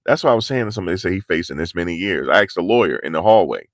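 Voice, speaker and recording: Male vlogger, low voice, animated and slangy, live outdoors, dry close sound. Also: racing, hardly any pauses, no room sound. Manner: animated, slangy, pushing energy. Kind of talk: live street commentary. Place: outdoors in cold, rainy weather.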